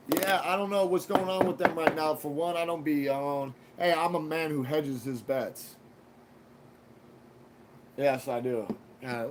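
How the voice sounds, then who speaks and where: A man's voice: mid-range voice, slight background noise. A man hosting a live stream, rambling through a casual monologue with crude jokes and heavy swearing. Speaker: livestream host.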